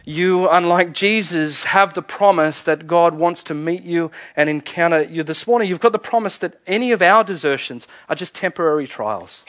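A man preaching a sermon as pastor, earnest, often chuckling and sinking to a hushed, soft delivery. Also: fairly high pitch, normal speed, hardly any pauses, no room sound.

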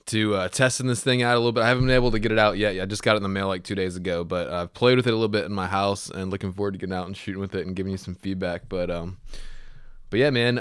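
A man hosting a casual interview podcast, relaxed and full of fillers. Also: fairly low pitch, clean tone, no room sound, clean studio sound. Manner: relaxed, many fillers, laughs along. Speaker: podcast host.

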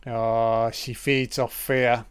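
A man's voice: medium pitch, level tone, very slow, clear, resonant tone. A man giving a casual commentary over a film, reacting with profane running remarks.

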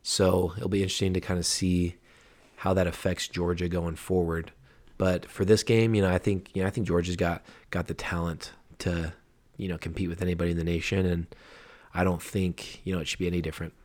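Low-voiced man in casual sports chat. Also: level tone, fairly quick, a little mellow. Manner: laid-back, hedging with many fillers. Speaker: podcast co-host.

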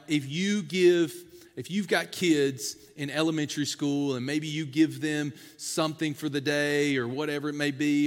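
A male pastor delivers a sermon in a somewhat high voice, talking with the congregation in a folksy, conversational way. His words ring out with a long reverb, as if in a big room.

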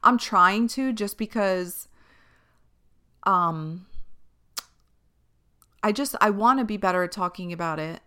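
A young woman hosting a podcast, chatting candidly about her day, swearing freely and getting animated as she retells it. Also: medium pitch. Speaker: podcast host. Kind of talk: casual chat.

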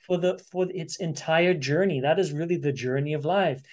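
Male interview host, animated and expressive, fairly high pitch, casual conversation. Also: normal speed. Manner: expressive, animated, acts out inner voices. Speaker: podcast host.

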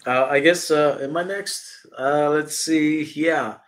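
A man's voice: on the high side, fairly even intonation, slow pace, fairly bright tone. A man co-hosting a casual podcast, laid-back and full of fillers as he lists his picks. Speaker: podcast co-host. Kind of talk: casual chat.

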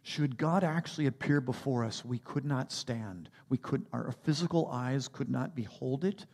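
A man preaching a sermon as a pastor, animated, rising to emphatic peaks and dropping to quiet asides. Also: mid-range voice, normal speed, slightly rough.

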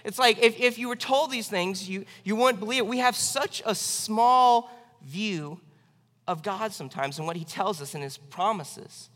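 Bright, animated young man preaching in a hall. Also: moderate pace. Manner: animated, acts out quoted voices with big swings in pitch and loudness. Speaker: youth pastor. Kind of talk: sermon. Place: church sanctuary.

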